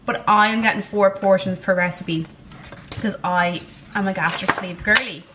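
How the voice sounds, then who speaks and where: A woman chatting straight to her own camera in a loose, rambling vlog voice. Her pitch sits right in the middle for a woman, and she keeps things self-mocking and frank with the odd swear word. A faint hum of background noise runs underneath. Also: steady tone, moderate pace. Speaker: vlogger. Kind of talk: casual vlog chat.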